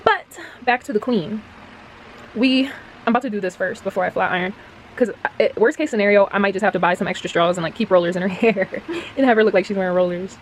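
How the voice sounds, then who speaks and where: A woman's voice: medium pitch, fast, a little hiss or hum. A young woman chatting casually to camera about restoring dolls, rambling and slangy, with lots of laughs. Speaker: doll restoration vlogger.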